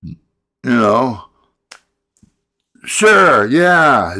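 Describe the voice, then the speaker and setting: A middle-aged man delivers a rambling monologue rant at an unhurried, dragging pace. He stumbles and repeats himself, sighs heavily, and now and then bursts out angrily. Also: mid-range voice. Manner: halting, repeats words, angry outbursts, sighs. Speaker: vlogger.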